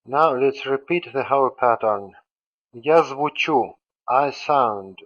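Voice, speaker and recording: A man's voice: medium pitch, slow, lo-fi sound. A man teaching a grammar lesson, methodically saying each form and then its translation. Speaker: language teacher. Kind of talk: slow instructional explanation.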